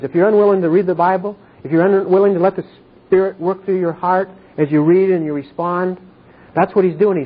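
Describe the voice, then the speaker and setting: A man with a high, husky voice teaches an informal Bible study, going back over his points and checking that everyone follows. The sound is thin and tinny, like a phone line. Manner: earnest, repetitive explaining with frequent checks for understanding.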